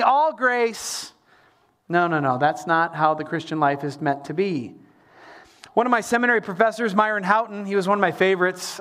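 Male pastor, middle-aged, lively emphatic sermon delivery, swings between loud pushes and quiet asides. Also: sits high. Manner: animated preaching with sung lines and emphatic repetition.

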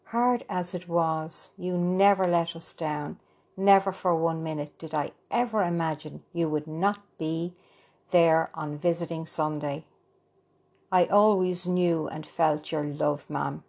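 A woman's voice: low voice, steady tone, measured pace, vocal fry, a little mellow, full character voice. Kay, a caring young daughter, read by a woman. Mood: eager.

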